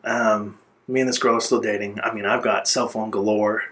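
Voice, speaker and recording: A man's voice: lowish voice, little pitch movement, a bit bright. Earnest man recounting his life story. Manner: earnest and reflective, pausing to gather words. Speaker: interview guest. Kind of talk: personal life story in an interview.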